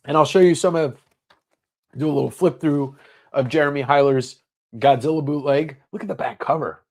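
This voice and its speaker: A man's voice: a little high, normal speed, darkish tone. Man, livestream host, casual sales chat, rambling, lots of fillers. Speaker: host of a comic sale livestream.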